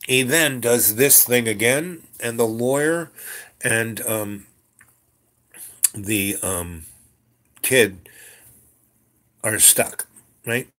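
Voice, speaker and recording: A man's voice: medium pitch, very slow, long pauses, fairly bright tone. Rambling man telling a story. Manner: rambling, many fillers and restarts. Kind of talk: casual spoken story.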